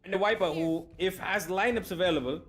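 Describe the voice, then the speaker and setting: Higher-voiced male play-by-play caster. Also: a little hiss or hum. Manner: brisk, steady play-by-play. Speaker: esports caster. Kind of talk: live play-by-play commentary.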